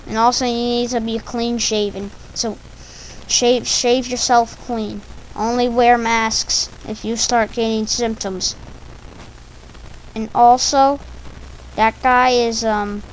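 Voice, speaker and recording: A woman's voice: a little high, flat delivery, slow, slight background noise, low-quality recording. A woman rambling through a silly, stumbling casual monologue for her video channel. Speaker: video creator.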